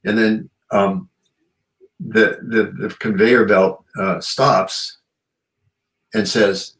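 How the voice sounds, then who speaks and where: A man's voice: fairly low pitch, fairly even intonation, drawn-out words, fairly bright tone, poor audio. A man hosting a radio show, chatting in a rambling, reflective way with many "you know"s. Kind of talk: casual chat.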